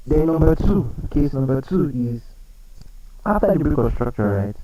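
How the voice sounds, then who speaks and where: A man's voice: fairly high pitch, expressive, a little slow, far from the mic, noisy background. Man coaching traders with quiz-style repetition. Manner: explanatory, repeats key points, asks rhetorical questions. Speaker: trading coach. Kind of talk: live trading analysis.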